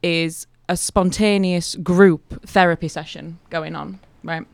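A woman's voice: on the low side, slow, gravelly, no echo. Chatty comedian woman. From Hull, England. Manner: chatty, animated anecdotes. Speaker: comedian guest. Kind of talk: casual radio chat, storytelling.

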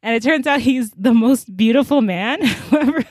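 A woman's voice: on the high side, no room sound. Woman, casual podcast recap, acts out quotes, dry close sound. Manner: animated storytelling, acts out quotes in quick voices. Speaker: podcast co-host recapping a drama. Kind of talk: casual chat.

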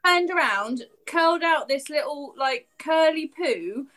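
Female guest, high voice, lively, crude storyteller. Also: measured pace. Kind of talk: casual chat.

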